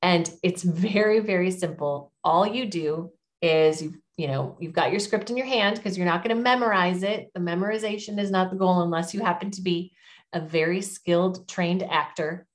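Her pitch is medium. A middle-aged interview guest, she hands out public speaking advice with the emphatic, encouraging tone of a coach.

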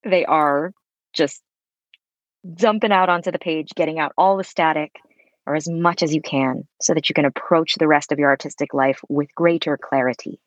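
A woman speaking as a guest on a podcast about voice work, expressive and effusive, swearing casually as she talks. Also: sits low, moderate pace, no echo. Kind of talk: conversational interview. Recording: dull lo-fi sound.

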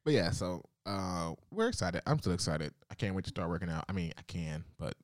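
A man's voice: low-pitched, very animated, brisk, dry recording, studio quality. A young adult man co-hosting a podcast in casual chat, laughing often and teasing playfully. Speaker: podcast co-host.

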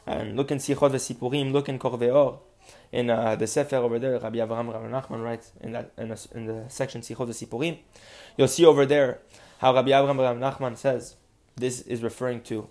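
A man's voice: mid-range voice, level tone, fairly quick, a little mellow. A man teaching a podcast Torah lesson, earnest and building to emphatic insistence.

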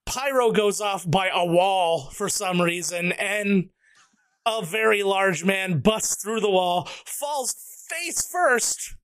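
Guy with a high voice telling a long story on a podcast, dry mic. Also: expressive, slow pace, fairly bright tone, clear, resonant tone, dry recording. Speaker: podcast panelist. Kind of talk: casual storytelling chat.

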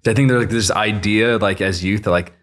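A man's voice: fairly low pitch, steady tone, fairly quick, fairly bright tone. A man hosting a church podcast, who greets and interviews his guest in a friendly, upbeat way and often says "like". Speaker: podcast host. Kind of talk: casual conversation.

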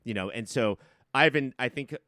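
A man's voice: medium pitch, normal speed, sharp tone, dry recording, studio quality. A man co-hosting a casual movie podcast who talks animatedly and acts out scenes in silly voices. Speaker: podcast co-host.

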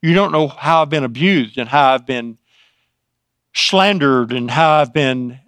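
A man's voice: mid-range voice, a little slow, fairly bright tone, clear, resonant tone, no echo. A man preaching a sermon, reading scripture aloud and then explaining it in a conversational way with frequent restarts. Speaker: pastor.

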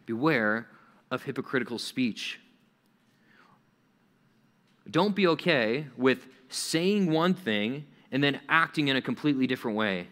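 A man's voice: medium pitch, lively intonation, moderate pace, fairly bright tone. A young adult man preaching a conversational sermon to young people, acting out little quoted voices as he goes.

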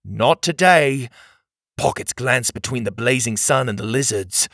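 A man narrating a children's adventure story in an expressive storytelling manner. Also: mid-range voice, moderate pace, dry recording, clean studio sound.

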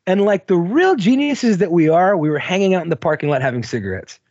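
Podcast co-host, husky man with a lively sing-song delivery, chatty and profane. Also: high-pitched, fast talker, no room sound, lo-fi sound. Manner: rambling, swears, laughs at own story. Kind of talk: casual storytelling chat.

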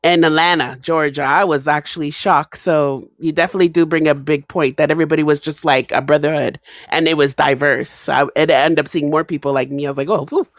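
A woman sharing a personal story in an animated, chatty way during a live discussion. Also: sits low, fairly quick, hardly any pauses, no room sound, studio quality. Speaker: audience speaker.

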